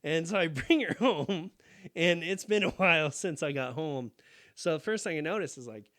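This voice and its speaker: A man's voice: fairly high pitch, lively intonation, moderate pace, fairly bright tone. A young man co-hosting a podcast, telling a crude story casually with lots of laughing. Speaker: podcast co-host. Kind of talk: casual chat.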